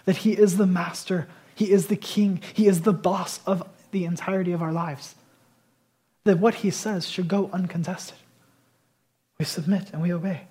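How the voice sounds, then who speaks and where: A man preaching a sermon as pastor, swinging between emphatic loud declarations and quieter conversational asides. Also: high voice, steady tone, moderate pace, husky.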